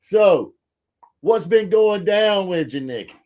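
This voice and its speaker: A man with a drawl hosts a casual podcast. His voice sits fairly high for a man, and he talks in a folksy, filler-heavy way that jumps into excited bursts. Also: slow. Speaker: podcast host.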